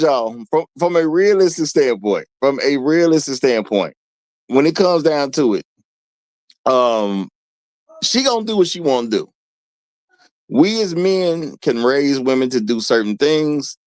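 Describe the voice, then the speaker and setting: A man's voice: medium pitch, no echo. A man hosting a livestream, talking casually, reading chat aloud and repeating his phrases. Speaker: livestream host.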